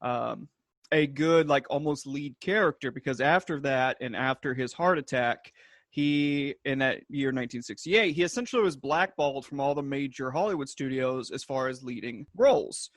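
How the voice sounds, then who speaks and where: A man's voice: mid-range voice, normal speed, no echo, studio quality. A man co-hosting a podcast, listing facts in an eager, chatty way. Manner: enthusiastic, list-like delivery. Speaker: podcast co-host. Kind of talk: casual chat.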